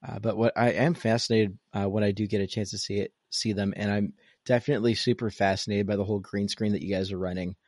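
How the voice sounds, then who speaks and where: A man co-hosts a casual podcast with a low voice that sounds dry and close. He asks curious questions, often hesitating with an "uh". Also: fairly even intonation, fast talker, darkish tone, no echo. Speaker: co-host. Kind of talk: casual chat.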